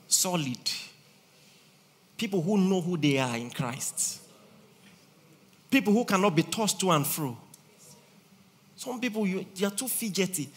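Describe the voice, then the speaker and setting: Man, pastor, sermon, animated, teasing, high-pitched voice. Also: a little slow, pauses often. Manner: animated preaching with big swings in loudness, teasing, laughing.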